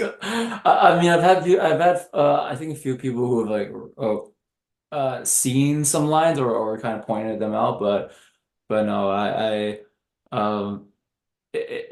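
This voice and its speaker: A man, a film director being interviewed, talking in a halting, hesitant way with many restarts. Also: medium pitch, a little mellow. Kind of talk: casual interview chat. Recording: echoey room.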